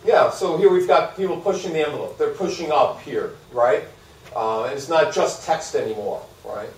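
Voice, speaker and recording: A man giving a live university lecture, animated and asking his audience questions. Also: a little high, moderate pace, a little hiss or hum. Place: lecture hall. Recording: echoey hall, speaker far from mic.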